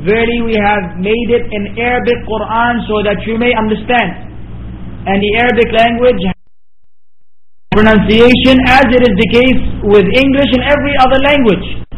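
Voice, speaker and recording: A man's voice: very high-pitched, fairly even intonation, moderate pace, reverberant, a little hiss or hum, poor audio. A man, a religious scholar, answering listeners' questions with earnest explanations and worked examples.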